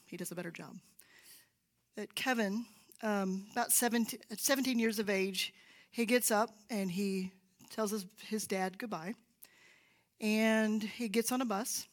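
She is a woman speaking from a church platform at an unhurried, deliberate pace, telling stories to the congregation. Her voice sits at an ordinary middle pitch, and now and then she sinks into a hushed whisper to press a point home. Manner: storytelling, drops to a whisper for emphasis. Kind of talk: sermon-style teaching. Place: church sanctuary.

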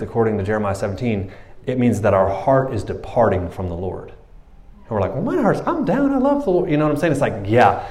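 Animated male pastor preaching a sermon. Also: on the low side. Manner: animated, acts out Bible characters in quick voices.

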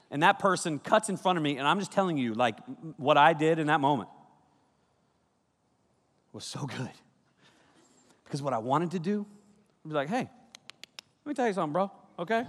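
A man preaching a comedic sermon to young people, telling stories with lots of energy and jumping into high voices when he quotes people. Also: long reverb tail. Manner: animated storytelling, jumps into high voices for quotes. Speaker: pastor.

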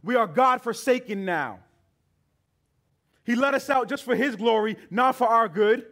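A preacher acting out the griping complaints of people wandering the desert, in a whiny, accusing tone. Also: male voice, very high-pitched, animated, measured pace, fairly bright tone, pitched above the performer's own voice, exaggerated voice.

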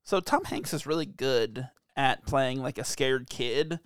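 A man's voice: mid-range voice, unhurried, clean tone, no echo. A man co-hosting a podcast, chatting casually with crude, joking banter. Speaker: podcast co-host. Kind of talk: casual chat.

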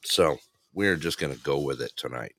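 A man's voice: very deep voice, moderate pace, a bit bright, no echo. A man hosting a variety show, chatting loosely with co-hosts and laughing often. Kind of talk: casual banter reading joke books aloud.

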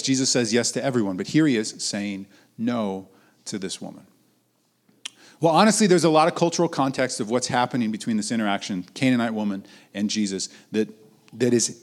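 A young adult man giving a conversational sermon as a pastor, rising to emphatic points and then dropping low and soft. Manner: conversational preaching, swinging between raised emphatic lines and low trailing ones.

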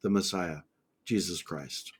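A man's voice: sits low, unhurried, breathy edge. Methodical man teaching on a podcast. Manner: methodical, lists points with scripture references.

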